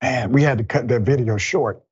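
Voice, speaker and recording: A male show host delivering news commentary in a somber, deliberate manner. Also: medium pitch, breathy edge, dry recording, dull audio.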